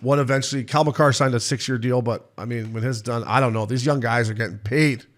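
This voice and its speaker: A man's voice: mid-range voice, steady tone. A man in his thirties from Canada co-hosting a casual hockey podcast, joking and swearing freely. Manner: fast, profane, joking banter. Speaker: podcast co-host. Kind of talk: casual sports chat.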